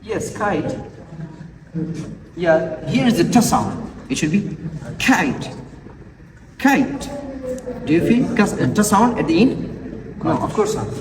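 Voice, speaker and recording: Guy w doing a class presentation, higher voice, repeats stuff, far off in a noisy echoey room. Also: big pitch swings. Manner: repeats words and examples slowly, halting. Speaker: student presenter.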